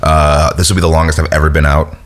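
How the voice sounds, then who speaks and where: A young man with an extremely low, deep voice tells stories at an easy pace. He rambles a little and keeps dropping "like" as he talks, in a laid-back way. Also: flat delivery, quick pace. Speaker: professional wrestler, guest. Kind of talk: casual storytelling chat.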